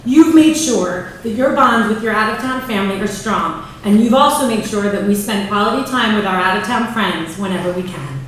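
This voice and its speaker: A woman's voice: mid-range voice, brisk, hardly any pauses, slight background noise. A woman in her forties, a mother giving a proud, prepared speech to her daughter from notes in a large banquet room. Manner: warm, proud, reading from notes. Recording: echoey hall from far off.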